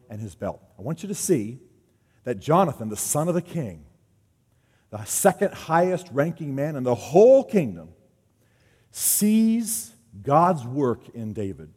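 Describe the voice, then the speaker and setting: A man preaching a sermon on a stage, telling a story in a lively way and acting out the quotes. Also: medium pitch. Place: stage before an audience. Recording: long hall reverb.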